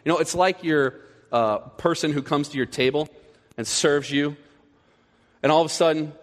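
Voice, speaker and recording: A male pastor delivering a sermon with animated energy. He acts out everyday scenes in other voices to make his point. His voice carries a long reverb, as if spoken in a large church hall. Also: a little high, normal speed.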